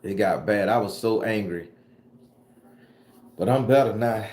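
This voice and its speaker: Lowish and a little slow, this man's voice has a slightly mellow quality. A tarot reader from southern Florida, he speaks with a Southern US accent while hosting his livestream, tossing out loose, profane slang in reply to live chat. Echo surrounds him.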